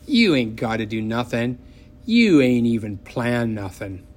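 A man voicing a suspicious, demanding little girl with a shrill, whiny voice in a storybook reading. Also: very animated, measured pace.

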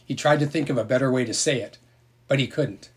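A man's voice: medium pitch, fairly quick, husky, natural voice. A man doing shy, mumbling boy Jess. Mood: grateful. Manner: mumbling, awkward.

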